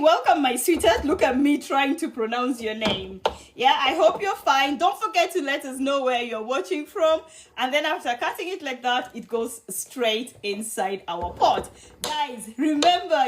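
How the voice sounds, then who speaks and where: Cooking-stream host: woman, high voice, chatty and affectionate with viewers, faint background hiss. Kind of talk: live cooking demo with viewer chat.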